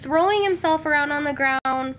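A young mom vlogger talks casually to her handheld camera in her home living room, her high voice at a moderate pace. Tired and emotional, she rambles chattily with lots of "like" fillers. The recording is very noisy.

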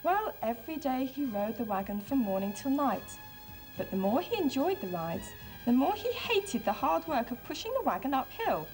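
With a fairly high voice, a woman presents a kids' TV program, first reading a storybook aloud, then showing a craft, all in a warm, expressive manner.

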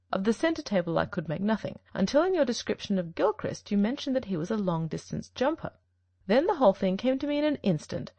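A woman's voice: medium pitch, vocal fry, darkish tone, no echo. A woman reading an audiobook, voicing Sherlock Holmes as a shrewd, confident male detective with an emphatic delivery.

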